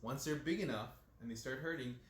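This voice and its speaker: A man's voice: mid-range voice, fairly quick. Dentist guy chatting loose, lots of you-knows, echoey room, faint hum behind. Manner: relaxed storytelling, many "you know" fillers. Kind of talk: casual interview talk.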